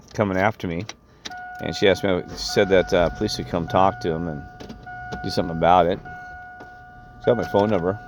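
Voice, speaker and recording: A man with a very deep, low voice recounts a personal run-in in a rambling, indignant way. He circles back and restarts his sentences as he goes. Faint background noise sits under his voice. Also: a little mellow. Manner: indignant, meandering storytelling with many restarts. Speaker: vlogger.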